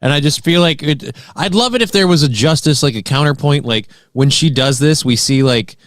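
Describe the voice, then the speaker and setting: A man's voice: a little high, brisk, no room sound. Wry co-host man, dry studio sound. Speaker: morning show co-host. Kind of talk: casual talk-show banter.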